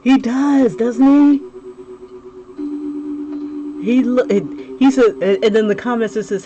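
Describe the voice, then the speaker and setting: A woman's voice: medium pitch, normal speed, background noise. A chatty woman livestreaming while she draws, talking to viewers with frequent laughs and restarted sentences. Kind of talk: casual livestream chat while drawing. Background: music playing clearly.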